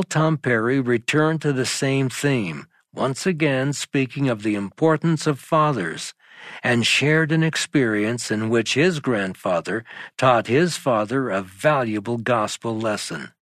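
A man's voice: medium pitch, measured pace, no room sound. Earnest male narrator, dry studio sound. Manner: steady, earnest instructional reading. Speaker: narrator of a church lesson video. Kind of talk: scripted narration.

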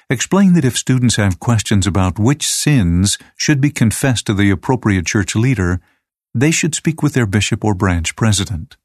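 A man reading aloud a teacher's lesson manual in a measured, even, scripted way. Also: fairly low pitch, no echo, studio quality.

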